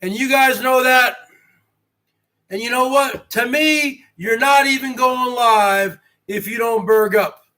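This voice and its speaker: Boasting like a wrestler cutting a promo, a man with a very high, bright, piercing voice rambles to his live-stream viewers. He speaks in slow, elongated phrases and keeps tossing out rhetorical questions.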